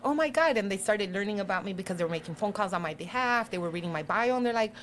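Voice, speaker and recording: A middle-aged woman guest talks in a relaxed, animated storytelling style and slips into voices for the people she quotes. Her pitch sits in an ordinary middle range. A faint hiss runs under the recording. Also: very fast. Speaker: guest politician. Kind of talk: casual storytelling.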